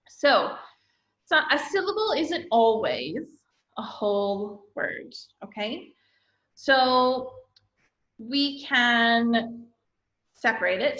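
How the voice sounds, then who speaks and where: A woman's voice: on the high side, sharp tone. A woman teacher giving a recorded online lesson to young children, speaking patiently and encouragingly and often checking in with "okay?". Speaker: elementary school teacher. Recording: echoey room, slightly dull lo-fi audio.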